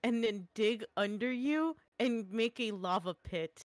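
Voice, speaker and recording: A woman's voice: on the high side, unhurried, dry recording. A woman in casual chat with friends, rambling with laughs and casual swearing. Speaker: artist streamer chatting with friends.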